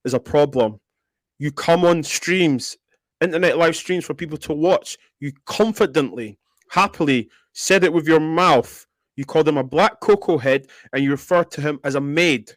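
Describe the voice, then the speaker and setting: A man's voice: on the high side, normal speed, no room sound. A man, calling someone out on a live-stream panel, heated and swearing. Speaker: panel member. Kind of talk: angry live-stream call-out.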